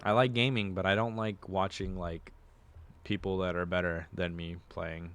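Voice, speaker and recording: A man's voice: low-pitched, little pitch movement, moderate pace, a bit bright, smooth. A male streamer chatting casually with his viewers, rambling through restarts and fillers.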